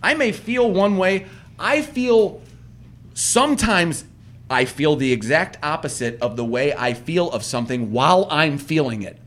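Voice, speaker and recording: Animated, swearing man on a podcast. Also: on the high side, a little slow. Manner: animated, swearing, self-mocking. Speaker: podcast co-host. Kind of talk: casual chat.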